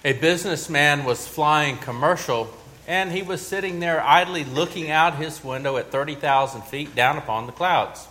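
Male pastor with a somewhat high voice, storyteller who builds emphasis and restarts phrases. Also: moderate pace, bright, forceful tone. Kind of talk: sermon.

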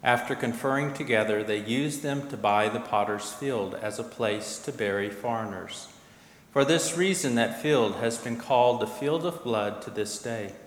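A man reads the narration of a scripture passage at a steady, solemn pace. His voice sits at an ordinary pitch and carries through a large, echoing church with a long reverb tail. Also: normal speed. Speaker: narrator of a dramatized scripture reading. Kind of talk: liturgical reading. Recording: echoey hall, long reverb.

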